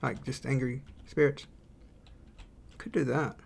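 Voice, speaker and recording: A man's voice: medium pitch, measured pace, creaky, husky. A man streaming his indie game development, chatting casually and thinking aloud while he draws and reads chat.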